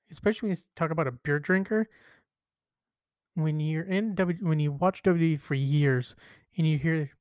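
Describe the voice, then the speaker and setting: A man hosts a casual wrestling podcast, talking in a loose, rambling way and restarting his sentences as he retells what others said. His voice sits a little high. The sound is dry and close, with no room around it. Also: no echo. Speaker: podcast host.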